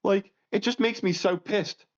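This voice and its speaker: A man co-hosting a casual podcast, ranting crudely and swinging between loud outbursts and low mutters. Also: a little fast. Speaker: podcast co-host. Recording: muffled lo-fi audio.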